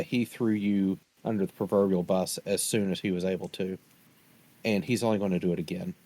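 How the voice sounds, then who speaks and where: A man's voice: on the low side, a little mellow. A man playing a tabletop role-playing game, speaking formally and hesitantly with lots of ums. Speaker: player.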